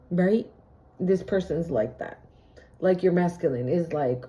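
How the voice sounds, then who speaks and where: A woman reads tarot in a loose, chatty way, swearing freely and laughing between her points. Her voice is mellow and warm. She talks to her viewers like old friends. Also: fairly low pitch, slow, pauses often. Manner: chatty and profane, laughs often. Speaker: tarot card reader. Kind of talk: casual spiritual reading.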